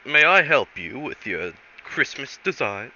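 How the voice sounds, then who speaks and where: A man voicing a pompous gentleman hunter with posh, mannered speech, in a dull lo-fi recording. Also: medium pitch, very animated, a little slow, slight background noise, voice pushed up, full character voice. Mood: genteel. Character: pompous old-world gentleman hunter, male.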